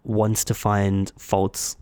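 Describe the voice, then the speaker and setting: A man's voice: on the low side, extremely slow, clean tone, dry recording. A man telling a story in casual chat, acting out each person's lines. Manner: animated storytelling, acting out dialogue.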